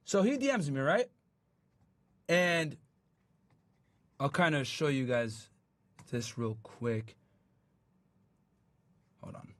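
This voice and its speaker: A man hosting a streaming show, talking casually to his live chat and retelling a story in an animated, profane, incredulous way. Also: fairly high pitch, takes it slowly, pauses often, no echo.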